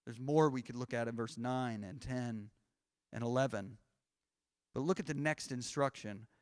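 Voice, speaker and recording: A man's voice: medium pitch, normal speed, smooth, no room sound, clean studio sound. A man who is a pastor preaching a sermon, building his points in rising, repeated phrases with frequent restarts. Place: church sanctuary.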